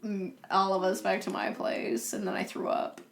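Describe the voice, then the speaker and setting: A woman's voice: medium pitch, normal speed, vocal fry. A young woman co-hosting a podcast, telling a story in casual chat and laughing often as she goes. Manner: animated, laughs through her stories. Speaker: podcast co-host.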